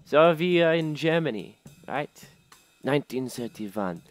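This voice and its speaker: A man's voice: a little high, animated, a little slow, no room sound, faint music behind. A man hosting a casual vlog, summing up a musical in a sarcastic, jokey way. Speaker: host.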